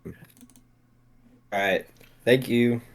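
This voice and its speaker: A man playing a tabletop game, low-key and a little hesitant in casual chat. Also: extremely slow. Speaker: player.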